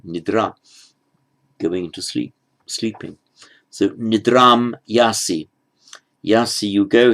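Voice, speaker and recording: A man teaching a lesson, explaining each word slowly and carefully, step by step, and stressing each foreign word as he says it. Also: on the low side, creaky. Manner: slow, careful, stepwise explaining; pronounces foreign words slowly with emphasis. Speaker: Sanskrit teacher. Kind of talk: lecture.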